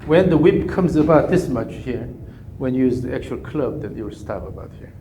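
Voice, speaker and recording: A man coaching a golf swing, giving calm, repetitive cues and humming through counts. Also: mid-range voice, normal speed, a little hiss or hum. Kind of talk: live coaching session. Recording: echoey room with faint ambience.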